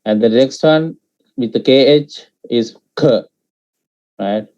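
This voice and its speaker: A man's voice: medium pitch, mellow. Patient male teacher, dull lo-fi sound. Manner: patient, repeats syllables slowly with many fillers. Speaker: Pali language teacher. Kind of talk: explaining pronunciation in an online class.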